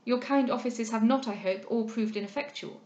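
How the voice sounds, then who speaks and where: A woman's voice: fairly high pitch, normal speed, darkish tone, lo-fi sound, natural voice. A woman voicing a refined, earnest young lady from a period novel. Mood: anxious. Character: genteel anxious young lady heroine. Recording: roomy echo.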